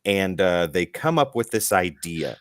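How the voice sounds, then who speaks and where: Man, low voice, retelling a comic story. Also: unhurried, no echo, clean studio sound. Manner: animated storytelling, acts out quotes, swears. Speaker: podcast co-host. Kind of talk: casual comic-book podcast chat.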